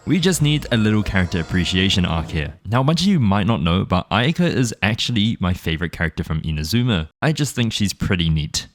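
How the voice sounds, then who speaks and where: A young man with a slightly hoarse, croaky voice, casually commenting on his gameplay with rambling asides and playful swearing. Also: lowish voice, very animated, fairly quick, hardly any pauses. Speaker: gaming YouTuber.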